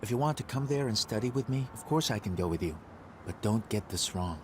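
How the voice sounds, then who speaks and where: Man dubbing a calm, firm young student. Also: lowish voice, noisy background, close to an everyday voice. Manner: firm, measured. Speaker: voice actor in an English dub. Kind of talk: dubbed drama acting.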